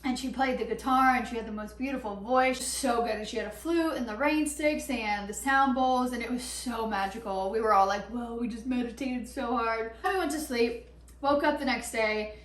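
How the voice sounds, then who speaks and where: A woman's voice: on the high side, moderate pace, distant mic. Chatty young woman, echoey and off-mic. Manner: chatty, animated, lots of "like" and laughs. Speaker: vlogger. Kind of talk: casual storytelling vlog. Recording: echoey room, a bit off-mic.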